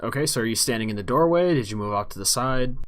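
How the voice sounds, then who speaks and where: A man's voice: medium pitch, lively intonation, fast. A man running a tabletop game as dungeon master, asking his players easygoing questions.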